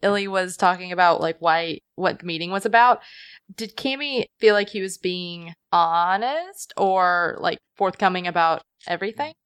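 A woman's voice: on the low side, expressive, moderate pace, fairly bright tone, clean tone, dry recording. A woman playing a tabletop game, chatting casually with giggles. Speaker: player. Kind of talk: tabletop role-play chat.

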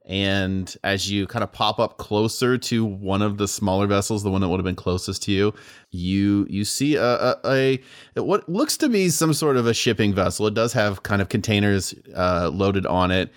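Man as game master, halting narration, frequent fillers, dry close sound. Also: on the low side, no room sound. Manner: hesitant, many fillers and restarts.

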